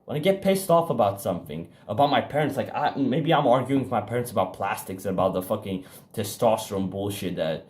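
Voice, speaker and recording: Here a young vlogger focused on self-improvement gives an informal pep talk to the camera in a fairly low, animated, slightly mellow voice. He speaks frankly and with profanity, wandering through restarts and fillers, and he stresses points by speeding up and slowing down.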